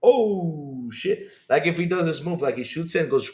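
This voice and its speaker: Male gaming streamer, excitable and chatty, slightly higher voice. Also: moderate pace, few pauses. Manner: excitable, repetitive, laughing. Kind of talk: live stream chat with viewers.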